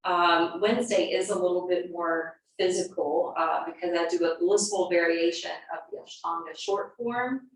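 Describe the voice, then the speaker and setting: Middle-aged yoga teacher, echoey far-off room. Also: female voice, lowish voice, moderate pace, few pauses. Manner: chatty, meandering, with frequent ums and uhs. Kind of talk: casual dharma talk before class. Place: large yoga studio. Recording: echoey studio from a distance, faint noise.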